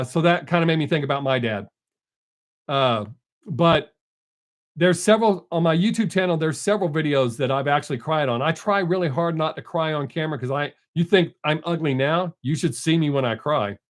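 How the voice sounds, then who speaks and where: An older man hosting a live stream, in casual folksy chat, joking and greeting viewers from the chat by name. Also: fairly high pitch.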